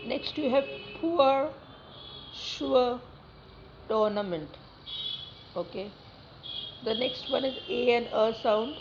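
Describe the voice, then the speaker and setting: A woman teaching a phonetics lesson, reading word lists slowly and deliberately with many fillers. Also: on the high side. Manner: slow and deliberate, repeating words, many fillers. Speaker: English teacher. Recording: slightly dull recording with faint noise.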